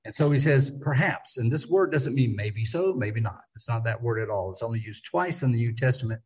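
A man's voice: mid-range voice, brisk, a little mellow, slightly rough, rough recording. A man teaching a Bible study in a conversational way, thinking aloud with frequent restarts and repeated words.

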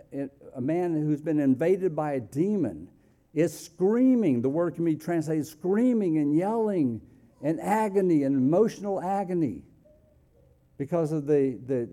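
Male preacher, unhurried sermon delivery, very dark mellow tone, big swings from loud emphasis to near-whispers. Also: on the high side, lively intonation.

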